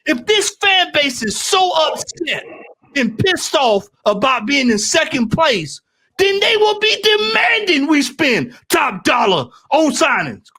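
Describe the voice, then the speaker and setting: A man with a Southern US accent rants heatedly as a football fan panelist. His voice sits high and swings widely, and he hammers his points by repeating them and raising his voice to shouts. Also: sing-song, slow pace. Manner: ranting, repetitive, rising to shouts.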